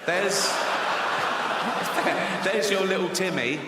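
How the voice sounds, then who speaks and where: A man's voice: sits high, very slow. A middle-aged man doing a live stand-up routine, with a profane, mock-outraged ranting delivery. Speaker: stand-up comedian. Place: theater stage before an audience. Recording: live stage with long hall reverb and background noise.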